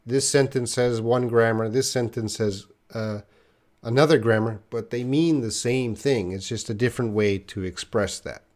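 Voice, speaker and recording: A man's voice: medium pitch, normal speed, darkish tone. A man teaching a live online English lesson, patiently explaining grammar and answering viewer questions.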